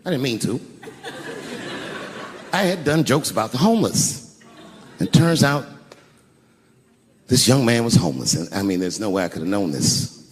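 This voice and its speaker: A middle-aged man doing a stand-up comedy set on stage, telling a story with sudden high yelps and low hushed asides. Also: animated, normal speed, long pauses. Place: large theater stage. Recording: live hall with long reverb.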